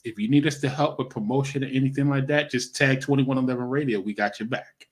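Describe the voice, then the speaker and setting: A man's voice: medium pitch, fast. A man hosting a radio interview show, chatting casually with plenty of supportive affirmations. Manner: warm, supportive, frequent affirmations.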